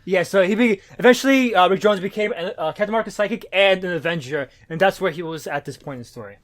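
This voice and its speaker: Fast high-pitched guy rambling about comics, swears a lot, lots of uh and like. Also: a bit bright. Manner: rambling, swears often, many fillers and restarts. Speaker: podcast co-host. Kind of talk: casual comics podcast chat.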